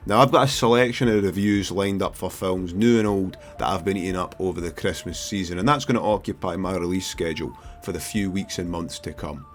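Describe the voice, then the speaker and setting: A man's voice: low voice, brisk, hardly any pauses, faint music behind. A man with a Scottish accent hosting a casual comedic film review video, brash and profane in his talk. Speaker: film reviewer and YouTube host.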